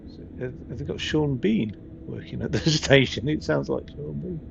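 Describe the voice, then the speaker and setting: A man's voice: medium pitch, normal speed, vocal fry, highs cut off, background noise. A man casually commenting while playing a train simulator, rambling, swearing now and then and chuckling at his own stories. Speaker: game streamer.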